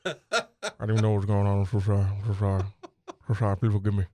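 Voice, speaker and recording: A man voicing a huge, bumbling male athlete who rambles loudly in a low mumble. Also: level tone, rapid-fire, no echo, lightly acted. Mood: apologetic. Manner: deep mumbling, loud and rambling.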